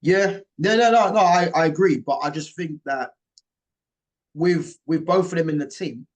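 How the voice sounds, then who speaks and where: Guy hosting a football talk, a bit high voiced, very opinionated and emphatic. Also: moderate pace. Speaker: host. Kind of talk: casual football chat.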